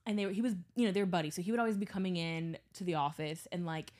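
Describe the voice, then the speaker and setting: A woman's voice: lowish voice, very fast. A young adult woman co-hosting a podcast, telling stories in casual chat with lots of swearing and voices for the people in them. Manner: animated storyteller, swears freely, does voices of people in her stories. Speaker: podcast co-host.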